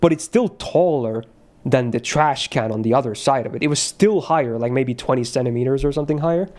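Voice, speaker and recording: A man's voice: mid-range voice, brisk, a little mellow. A male streamer in casual chat while gaming, rambling with restarts and casual swearing.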